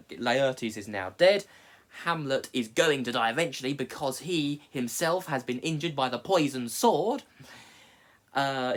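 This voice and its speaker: A man walks through a story in a relaxed, conversational way. His delivery is casual, with frequent joking asides. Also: mid-range voice. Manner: chatty, jokey asides. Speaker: teacher. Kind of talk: casual explainer.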